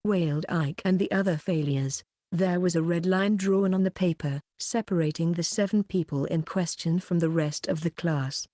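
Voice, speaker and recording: Audiobook narration by a woman, steady, dark tone. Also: on the low side, moderate pace, hardly any pauses, no echo, clean studio sound. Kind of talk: scripted narration.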